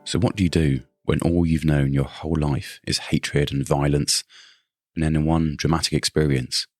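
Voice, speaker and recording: A man narrating as podcast host, asking measured questions in scripted narration. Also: extremely low pitch, flat delivery, darkish tone, no room sound, soft background music. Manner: measured, posing questions to the listener.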